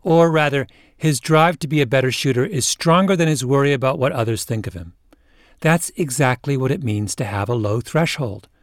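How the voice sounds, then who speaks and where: A male podcast host narrating a scripted story in a measured way, with interview clips in between. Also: medium pitch, no room sound, clean studio sound.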